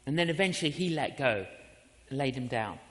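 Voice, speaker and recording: Male preacher telling a story from the pulpit, animated and expressive, recorded in a reverberant hall. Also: mid-range voice, a little fast. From England. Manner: animated, acts out voices and inner prayers. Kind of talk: storytelling sermon.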